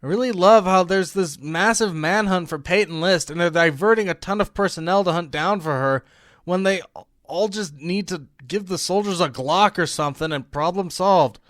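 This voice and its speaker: A young man talks through a movie he dislikes, sarcastic and exasperated, shifting from shouted disbelief to muttered confusion. His voice sits a bit high for a man. The recording is close and dry, with no room sound at all. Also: normal speed, no room sound. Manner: exasperated, sarcastic, swings between loud outbursts and mumbled confusion. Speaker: movie reviewer. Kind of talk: comedic movie review narration.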